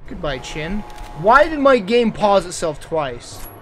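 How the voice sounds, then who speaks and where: A young adult man giving excitable, joking live commentary as a game streamer. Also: sits high, slow pace, soft background music.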